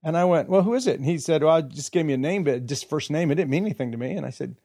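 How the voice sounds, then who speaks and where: A man's voice: fairly high pitch, expressive, racing, mellow. A middle-aged man casually telling a long personal story, acting out quotes and often laughing.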